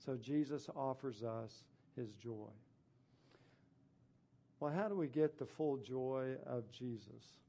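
A man's voice: mid-range voice, slow pace, long pauses, dark tone. A man preaching a sermon, reading scripture verses aloud and explaining them, stressing points by repeating phrases. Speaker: pastor.

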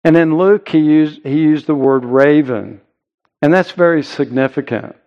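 Man preaching slow and earnest, stresses his points, kinda muffled lo-fi sound. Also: on the high side. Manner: earnest, emphatic preaching with deliberate pauses. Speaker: pastor. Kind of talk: sermon.

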